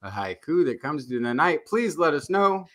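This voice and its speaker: A man's voice: fairly high pitch, sing-song, normal speed, fairly bright tone. A man hosting a podcast, reading the scripted show outro in an upbeat, playful way. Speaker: podcast host.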